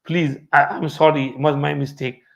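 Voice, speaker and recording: Brief: man retelling as desperate sorry nephew, keeps begging, pitched a bit high. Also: little pitch movement, moderate pace, gravelly. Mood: pleading. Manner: pleading, repeated begging. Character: remorseful grown nephew, pleading and desperate.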